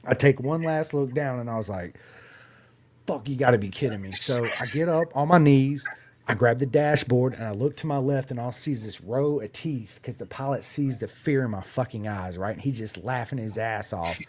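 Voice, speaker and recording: Man, animated storyteller, swears a lot, "right?" and "bro" tags, mid-range voice, faint hiss. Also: mid-range voice, normal speed. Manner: profane, punctuates with "right?" and "bro". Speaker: race team member guest.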